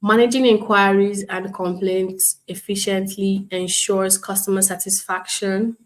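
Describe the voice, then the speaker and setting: A woman instructor teaching an online class, speaking calmly and professionally, acting out customer calls as examples. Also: mid-range voice, a little slow. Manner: calm, explains with role-played customer examples. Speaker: bootcamp instructor.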